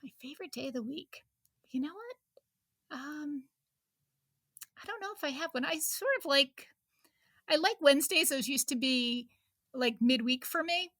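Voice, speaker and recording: A woman's voice: sits high, expressive, a little slow, long pauses, fairly bright tone, no echo, clean studio sound. A woman in her fifties, a reporter chatting as an interview guest, laughing often and restarting her sentences. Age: 50s. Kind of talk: casual interview chat.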